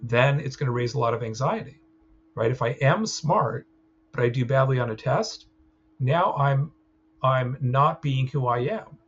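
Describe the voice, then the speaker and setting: Speaking at a measured pace with a medium-pitched voice, a man leads a clinical training session, explaining things casually and often asking "right?". The recorded lecture sounds slightly dull, with faint ambience and a little hiss or hum.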